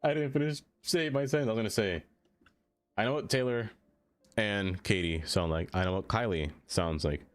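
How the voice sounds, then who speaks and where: Chatty low-voiced male streamer. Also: normal speed. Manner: chatty, laughs often, answers chat. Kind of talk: live-stream chat while playing a city-building game.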